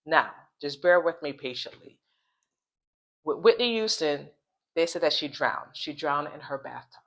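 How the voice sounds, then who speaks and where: A woman hosting a casual commentary vlog, rambling along, repeating phrases and restarting sentences, and slowing down to spell out hard words. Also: low voice, lively intonation. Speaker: channel host.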